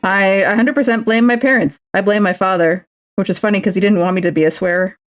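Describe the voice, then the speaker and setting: A woman's voice: medium pitch, steady tone, fast talker. A woman streamer chatting casually while she crafts, rambling with lots of "like" and swearing freely.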